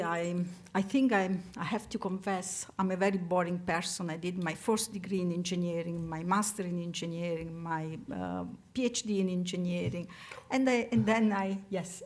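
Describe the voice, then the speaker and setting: An older woman from Italy with an Italian accent, speaking as a professor on a panel, self-deprecating and full of fillers and restarts. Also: mid-range voice. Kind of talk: panel talk.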